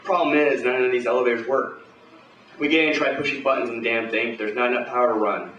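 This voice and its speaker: A man's voice: medium pitch, fairly even intonation, fast, fairly bright tone, reverberant, distant mic, lo-fi sound, a little hiss or hum. A man performing a hard-boiled pulp story live at a bar, with swaggering, profane tough-guy narration. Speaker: performer at an open reading.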